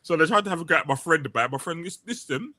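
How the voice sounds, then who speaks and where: A man's voice: fairly high pitch, very fast, pushed and bright, no echo. A man, telling a rambling story in casual podcast chat and breaking into voices for the people in it. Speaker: podcast co-host.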